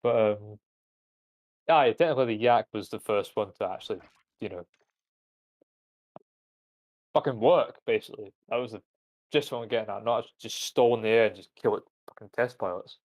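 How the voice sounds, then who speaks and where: A man's voice: fairly low pitch, normal speed, long pauses, a little mellow, no room sound. A young man, a British streamer rambling profanely in casual chat and laughing at his own jokes. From Britain.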